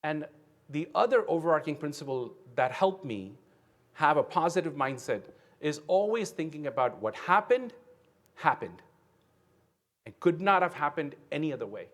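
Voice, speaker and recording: A man in his fifties from India giving a motivational keynote speech, telling his story earnestly and often checking in with the audience with a quick "right?". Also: fairly high pitch, very animated, fairly bright tone. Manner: earnest storytelling with frequent "right?" tag questions. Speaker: keynote speaker. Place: conference venue.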